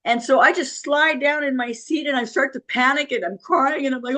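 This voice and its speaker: In a high-pitched, bright voice with a forceful tone, a middle-aged woman briskly relates her life story during an interview. Her emotional retelling is vivid, with quoted voices and nervous laughter.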